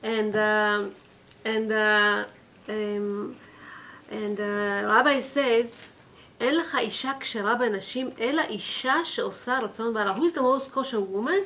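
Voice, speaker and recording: A woman's voice: medium pitch, a little fast, a bit bright, poor audio. A woman teaching a religious class, telling a story and acting out the quoted voices. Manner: acts out quoted voices, repeats phrases for emphasis. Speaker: teacher of a weekly Torah class. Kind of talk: storytelling lesson.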